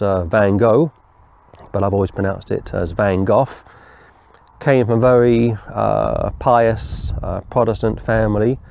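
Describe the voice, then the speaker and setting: A man preaching a verse-by-verse sermon, explaining scripture deliberately and wandering into stories. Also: on the low side, creaky, darkish tone, dull audio. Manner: deliberate, explanatory, digresses into storytelling. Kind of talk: verse-by-verse Bible teaching.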